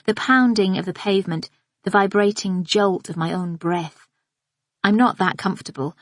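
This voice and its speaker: A woman's voice: medium pitch, dry recording. Woman narrating in a dry, close read. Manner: measured, observant, inward. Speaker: audiobook narrator. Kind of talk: scripted first-person narration.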